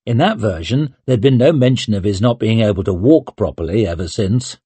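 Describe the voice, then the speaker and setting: A man reading a fantasy novel aloud, measured and steady. his voice is somewhat husky, mid-pitched, and recorded close and dry with no room sound. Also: dry recording. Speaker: audiobook narrator. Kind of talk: scripted narration.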